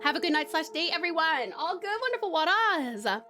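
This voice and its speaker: A bubbly woman with an Australian accent chats warmly with her viewers, laughing often. Her voice sits high and leaps around with lively swings. Music plays softly behind her. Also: normal speed. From Tasmania, Australia. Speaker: streamer and story narrator. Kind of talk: live-stream chat and story reading. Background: background music.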